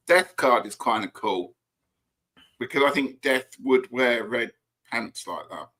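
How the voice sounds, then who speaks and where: A man's voice: mid-range voice, huge pitch swings, slow pace, long pauses, fairly bright tone, breathy edge. A man chatting playfully as co-host on a livestream, giggly and showing cards on a video call. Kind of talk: casual livestream chat.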